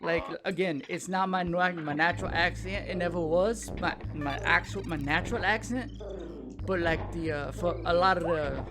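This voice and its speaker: A man's voice: high voice, moderate pace. A man in his thirties from South Louisiana with a South Louisiana accent, chatting casually and rambling as he plays a video game. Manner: rambling, loses his train of thought. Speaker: gaming show host. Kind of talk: casual chat while playing a video game. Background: game music.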